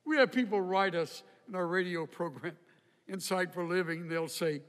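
Older guy preaching, kinda high voice, slow and thoughtful, big echoey hall. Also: fairly bright tone. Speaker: pastor. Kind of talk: sermon. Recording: hall reverb.

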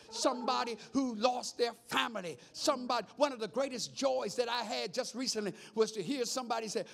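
Gravelly high-voiced preaching man. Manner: preaching with rising shouts and call-and-response. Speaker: pastor. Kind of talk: sermon.

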